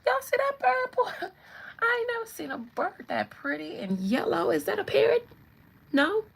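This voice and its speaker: A woman's voice: high-pitched, wildly swooping pitch, measured pace, gravelly, pitched above the performer's own voice, exaggerated voice. A woman impersonating a laid-back female island pop star who drawls dreamily and gets easily distracted. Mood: dreamy, distracted.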